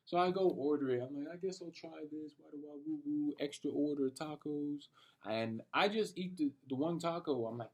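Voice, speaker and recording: A man's voice: fairly high pitch, normal speed. Rambling young man in a late-night rant. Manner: rambling and animated, talking to himself with lots of slang and profanity. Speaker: vlogger.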